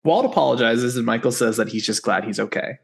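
A man's voice: medium pitch, fast, creaky. A man co-hosting a podcast, recapping a TV episode in casual chat with sarcastic asides. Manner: wry, sarcastic asides while summarizing.

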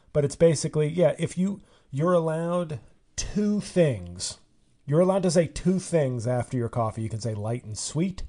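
A middle-aged man hosts his podcast in a casual comedic monologue, ranting and sarcastic as he spins stories. His voice sits in an ordinary middle pitch with a warm, mellow tone. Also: normal speed. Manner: ranting, sarcastic, animated storytelling. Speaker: podcast host.

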